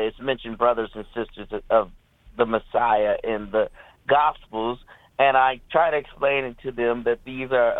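A male caller, native Hebrew speaker, asking a question on a radio show in a hesitant, halting way. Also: mid-range voice, dry recording. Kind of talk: phone-in question. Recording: tinny phone line.

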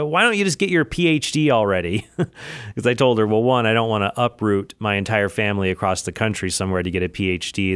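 A man's voice: lowish voice, fairly bright tone, clear, resonant tone, no room sound, studio quality. A man hosting his own podcast from an office, talking casually and chattily, with frequent asides. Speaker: podcast host. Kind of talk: casual solo podcast talk.

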